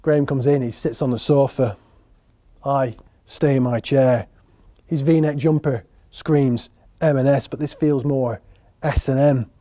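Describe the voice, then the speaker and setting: A man's voice: medium pitch, steady tone, a little slow, mellow. A man performing a solo theatre monologue, wry and sardonic, speaking straight to the audience. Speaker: writer and performer.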